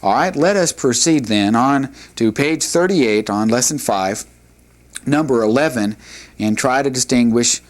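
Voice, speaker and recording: A man teaching a Hebrew reading lesson, sounding out practice words one at a time with long pauses and stopping to correct himself. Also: mid-range voice.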